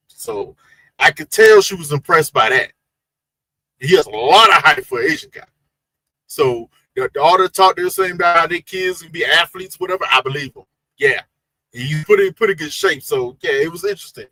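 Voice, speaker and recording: A man co-hosting a reality TV recap, talking in an animated, slangy, emphatic way. His voice is bright and swings up and down a lot, and it sits dry and close on the mic. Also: fairly high pitch, dry recording, rough recording. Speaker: co-host of a reality TV recap show. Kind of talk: casual chat.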